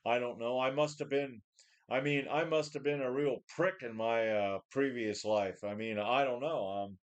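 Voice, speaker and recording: A man's voice: medium pitch, normal speed. A man in his forties rambles to his webcam in a home gym, blunt and worn down. He swears freely, sighs often and trips over his own restarts. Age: 40s. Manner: blunt, profane, weary, full of sighs and restarts. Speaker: vlogger. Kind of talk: casual rambling talk to a webcam.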